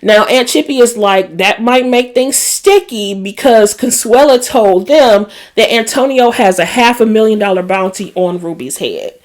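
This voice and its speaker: A woman with a Black lilt recaps TV episodes in a chatty, casual way, her pitch sitting in the middle range. She throws in emotional asides and talks straight to her viewers. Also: normal speed, hardly any pauses, a little mellow. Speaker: recap host.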